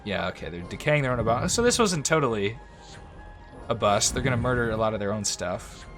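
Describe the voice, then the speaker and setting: With lively intonation and a fairly quick delivery, this medium-pitched man gives chatty let's-play commentary on a strategy game. His tone is fairly bright, he often talks to the units, and soft game music runs underneath.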